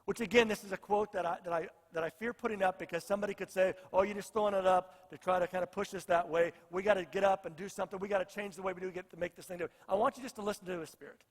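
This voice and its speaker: A male pastor delivers an earnest sermon, driving points home by repeating his phrases. His voice sits fairly high. The sound carries a long reverb, as in a church sanctuary. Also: steady tone, rapid-fire, few pauses.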